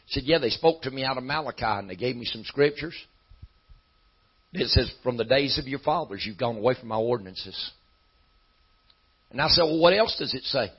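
A man preaching a sermon in a folksy style that climbs into shouting. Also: medium pitch, expressive, fairly quick, pauses often, husky, dull audio.

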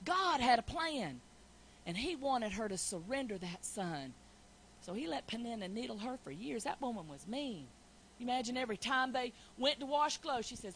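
A woman preaching a sermon, building from quiet storytelling to loud, shouted preaching. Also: a little high, sing-song, moderate pace, a little hiss or hum, poor audio.

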